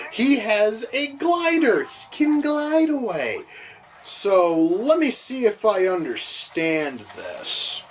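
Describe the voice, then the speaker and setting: A man reviewing movies in a profane, sarcastic rant, swinging from mutters to high-pitched outbursts of disbelief. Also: poor audio. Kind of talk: profane reaction commentary.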